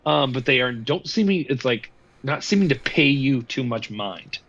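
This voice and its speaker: A man's voice: mid-range voice, lively intonation, moderate pace, fairly bright tone, highs cut off. A man running a tabletop game as game master, rambling and hesitant. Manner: rambling, lots of ums and uhs.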